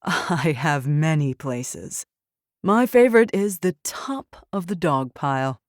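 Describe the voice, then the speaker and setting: A woman voicing an elegant, mocking male villain with a silky smooth, slow, taunting drawl. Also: fairly high pitch, lively intonation, dry recording, studio quality. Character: elegant mocking male rival, smug and dangerous.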